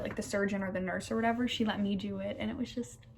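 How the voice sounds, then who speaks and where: A woman's voice: mid-range voice, fast talker, fairly bright tone, slight background noise. A young woman in her twenties, a nursing student, telling a personal story in a casual vlog, gushing and enthusiastic with lots of fillers. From United States.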